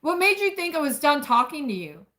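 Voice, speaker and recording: A woman's voice: on the high side, lively intonation, normal speed, fairly bright tone. A woman voicing an intense, blunt man from a romance novel, insistent and curt.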